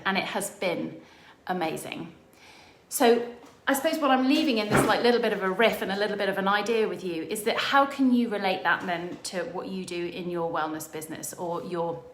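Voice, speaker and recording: A middle-aged woman business coach giving an enthusiastic motivational talk, telling stories with excited quoted voices. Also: fairly low pitch, roomy sound. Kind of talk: motivational monologue.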